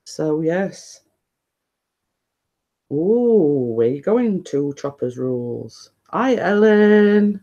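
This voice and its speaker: A man chats on a live stream at home, keeping his voice down as he rambles on to viewers. He talks slowly, his tone mellow and unhurried, captured on a phone. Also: on the high side, very animated, highs cut off. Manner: talking quietly, rambling and chatty. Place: living room at home, indoors.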